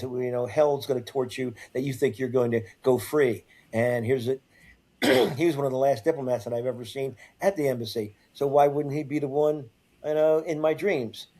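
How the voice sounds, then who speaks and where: An older man speaks as a guest, recounting events in his own words. His delivery is halting, full of restarts and repeated words, at an ordinary middle pitch. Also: dark tone. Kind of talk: first-person storytelling in an interview.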